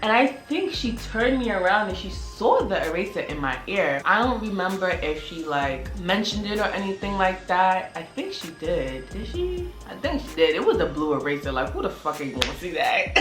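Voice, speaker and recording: A woman's voice: lowish voice, big pitch swings, normal speed, a bit bright. Young New woman telling a storytime. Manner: blunt, swears freely, laughs through her story. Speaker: vlogger. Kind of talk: casual storytime. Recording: roomy sound with faint music.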